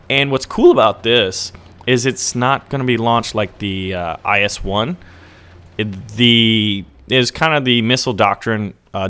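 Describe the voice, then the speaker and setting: A young man talking over gameplay as a channel host, chatty and excitable, rambling and often checking in with "right?". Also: medium pitch, clear, resonant tone.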